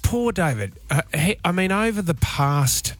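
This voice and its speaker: A man's voice: high-pitched, expressive, measured pace, fairly bright tone. A man co-hosting a radio show, rambling and hesitant in casual talk. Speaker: radio co-host.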